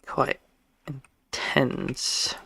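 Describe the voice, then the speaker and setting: A game streamer chatting casually while playing live, talking in a halting, stammering way with many restarts. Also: bright, forceful tone.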